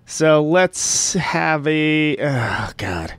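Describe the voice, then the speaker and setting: Speaking very slowly, this male podcast host has a slightly high, bright voice with lively intonation and a clear, resonant tone, with no echo. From home, he wanders casually through his intro monologue, rambling and poking fun at himself.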